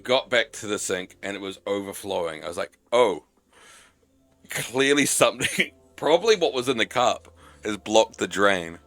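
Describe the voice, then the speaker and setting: A man's voice: lowish voice, lively intonation, normal speed, fairly bright tone, faint music behind. A young man streaming a game live, chatting loosely and swearing as he rambles through stories between reading lines. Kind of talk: live game commentary and reading dialogue aloud.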